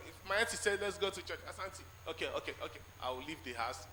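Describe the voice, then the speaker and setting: A man's voice: on the high side, animated, sharp tone. Nigerian man giving an echoey church testimony. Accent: Nigerian English. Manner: halting storytelling, acting out quoted exchanges. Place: large church hall. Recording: echoey church hall with faint noise.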